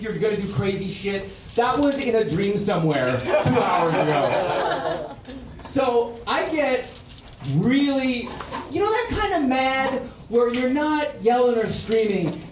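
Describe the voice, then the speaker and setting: A man doing stand-up, telling a story in animated bursts that drop to quiet menace and rise to shouted punchlines. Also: high voice, noisy background. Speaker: stand-up comedian. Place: comedy club stage with audience laughing. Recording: roomy live club recording from far off.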